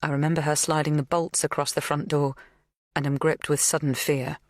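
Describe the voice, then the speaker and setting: A woman reading a thriller audiobook in measured, scripted first-person narration. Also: sits low, flat delivery, no room sound, clean studio sound.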